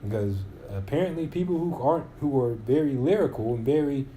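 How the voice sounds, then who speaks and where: In a casual podcast chat, this twenty-something male co-host argues his views, restarting sentences while he builds his case. He speaks briskly and animatedly in a mellow, mid-range voice, with a little hiss or hum behind him.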